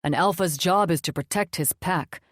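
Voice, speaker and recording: A woman voicing a quiet, probing demon wolf man who asks earnest questions. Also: a little high, normal speed, dry recording, clean studio sound, lightly acted.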